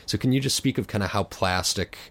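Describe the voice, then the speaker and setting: A man with a very deep voice interviews a guest in a studio. His questions ramble and are padded with fillers and restarts. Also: fairly quick, fairly bright tone. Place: recording studio.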